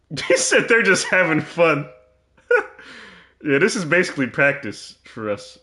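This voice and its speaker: A man's voice: on the high side, big pitch swings, measured pace, long pauses, bright, forceful tone. A man commentating his own basketball video game, teasing and trash-talking in a mock-serious way and often repeating himself.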